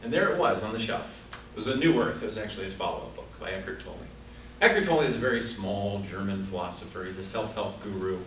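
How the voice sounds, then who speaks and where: A man whose voice sits on the low side yet sounds a bit bright speaks fast, delivering a prepared humorous speech with comic asides at a speaking club. The recording is distant and echoey, from a club meeting room, with a faint hiss or hum.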